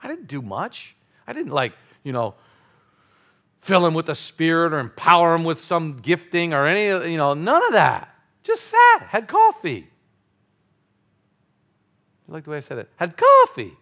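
A male pastor preaching a sermon, playful and animated, with sudden loud exclamations. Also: fairly high pitch, moderate pace.

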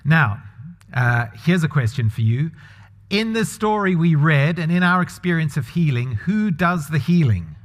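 A man's voice: fairly high pitch, lively intonation, normal speed. A man preaching a sermon in a conversational way, putting questions to the congregation. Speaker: pastor. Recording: long hall reverb.

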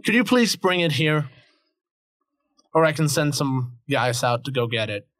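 Man playing impatient, swearing crime boss. Slow, gruff delivery. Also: fairly high pitch, lively intonation, a bit bright, no echo, clean studio sound. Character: irritated male crime boss client.

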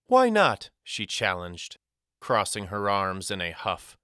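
A man's voice: sits low, flat delivery, slow pace, bright, forceful tone, clear, resonant tone, dry recording. A man narrating a story in the first person with dramatic delivery, recorded close in a studio. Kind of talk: audiobook narration.

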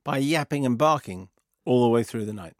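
A man's voice: mid-range voice, animated, a little fast. Drowsy, dry-humored man on the radio. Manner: dry, self-mocking, drowsy. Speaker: radio co-host. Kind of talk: casual banter on radio.

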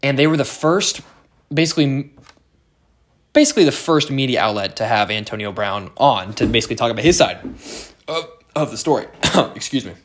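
A man's voice: medium pitch, lively intonation, brisk. A young American man riffing alone on his podcast, loose and unscripted. He rambles, swears freely and circles back on himself with plenty of fillers and restarts. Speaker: podcast host. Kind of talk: casual solo podcast monologue.

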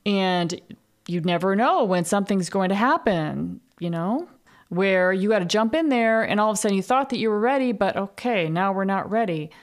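A woman's voice: medium pitch, expressive, moderate pace. A woman hosting a podcast, talking in a candid casual monologue, swearing freely and laughing at herself. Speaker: podcast host.

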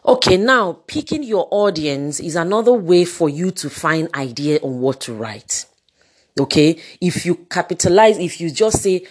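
A woman giving a lively lecture, often repeating words and using fillers. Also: on the low side, normal speed, husky. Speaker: teacher. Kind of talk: lecture on public speaking.

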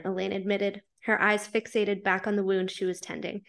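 A woman's voice: medium pitch, level tone, moderate pace, gravelly, hardly any pauses. A woman podcast co-host who reads fanfiction aloud, then chats casually, swearing freely and laughing as she reacts.

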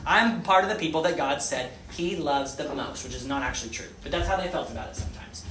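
A man delivers a sermon in a high, bright voice. He preaches with animation and keeps asking his audience questions. The echoey room adds a faint hum of ambience behind him. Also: fast talker.

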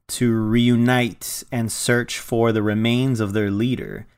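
A man's voice: lowish voice, steady tone, takes it slowly, clean tone. A man co-hosting a casual movie review podcast, giving his opinions in an easygoing, rambling way. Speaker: podcast co-host.

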